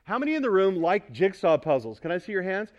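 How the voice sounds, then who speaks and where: High-voiced emphatic male pastor preaching. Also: big pitch swings, fast, muffled recording. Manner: emphatic, builds to loud pointed repetition; asks the congregation for responses. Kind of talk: sermon. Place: church sanctuary.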